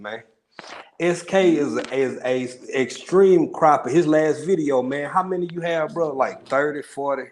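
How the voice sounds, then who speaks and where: A man hosting a casual livestream chat from his home in Tanzania, rambling with restarts and shouting out viewers. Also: a little high. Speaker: livestream host.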